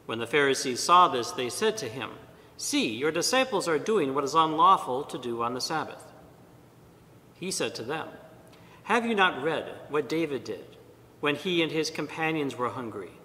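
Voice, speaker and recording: A priest reads scripture and preaches in a measured, deliberate manner, pausing between phrases. His voice is very bright and forceful, sitting a little high for a man. It rings out with a long church reverb over a faint low rumble. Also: big pitch swings. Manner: measured, deliberate reading with pauses. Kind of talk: liturgical reading and homily.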